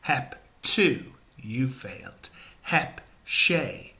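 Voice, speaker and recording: Slow, bright-voiced Irish man teaching. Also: medium pitch, expressive. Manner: slow, careful, drilling repetitions. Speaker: grammar teacher. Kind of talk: instructional explanation.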